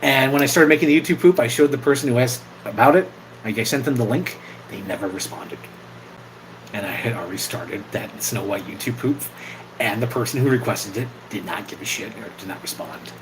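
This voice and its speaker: A young man hosting an impromptu livestream, chatting casually, swearing freely and bursting into loud yells. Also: medium pitch, a little fast, noisy background. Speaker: livestream host.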